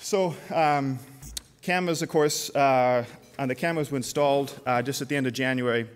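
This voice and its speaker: A man's voice: mid-range voice, steady tone, moderate pace, smooth. A middle-aged man from Canada giving a conference keynote, telling stories casually with many fillers and restarts. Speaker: keynote speaker, company CEO. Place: conference hall. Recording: long hall reverb.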